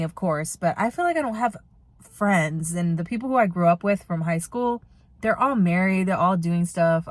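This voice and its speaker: A woman's voice: on the low side, dry recording. Candid swearing young woman, dry close mic. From United States. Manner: candid, swears freely, rambling. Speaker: vlogger. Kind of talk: casual storytelling vlog.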